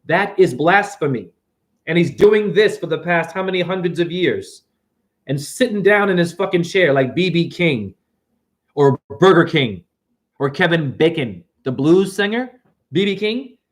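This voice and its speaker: A middle-aged man giving a fast, profane, rambling spiritual monologue that swings between loud and soft. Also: a little high, animated. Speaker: self-styled spiritual teacher.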